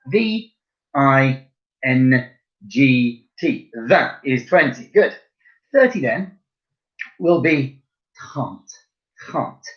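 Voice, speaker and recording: A man teaching a French lesson to primary pupils, chatty and encouraging, spelling words out letter by letter. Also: medium pitch. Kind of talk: recorded online lesson. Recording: slightly dull lo-fi recording.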